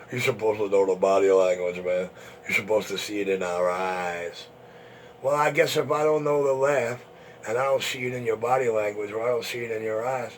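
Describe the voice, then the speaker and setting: Male radio host, taunting, crude and boastful, mid-pitched, light hiss behind. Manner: mocking, boastful, profane.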